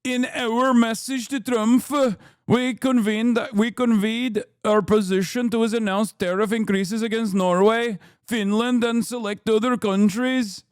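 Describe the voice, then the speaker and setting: A man putting on a Norwegian accent to voice a male prime minister, reading out a formal statement in a stiff, measured way. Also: high-pitched, steady tone, smooth, no room sound, studio quality. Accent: put-on Norwegian.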